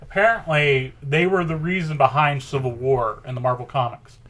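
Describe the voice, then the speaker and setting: A man co-hosting a casual podcast chat, halting and leaning on filler words. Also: fairly high pitch, steady tone, fairly bright tone. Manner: halting, leans on "like". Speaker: podcast co-host.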